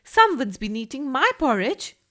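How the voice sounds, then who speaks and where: A woman with an Indian English accent voicing a calm mother bear who speaks in a moderate, even way. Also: sits high, normal speed, pitched above the performer's own voice, heavily acted. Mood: plain.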